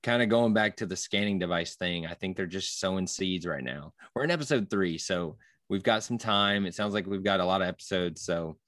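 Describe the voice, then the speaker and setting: A man with a fairly low voice talks through a show in casual, excitable fan chatter. He rambles, restarts his sentences and acts out his own reactions as he goes. The sound is close and dry. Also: a little fast, dry recording. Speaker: podcast co-host.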